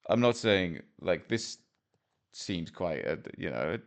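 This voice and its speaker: A vlogger from Wales talks through his screen in a deep, gravelly voice with plenty of vocal fry. He rambles casually, cracking self-deprecating jokes between ums and likes. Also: very animated, slow. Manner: rambling, jokey, self-deprecating, with many fillers. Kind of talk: casual commentary over a map game.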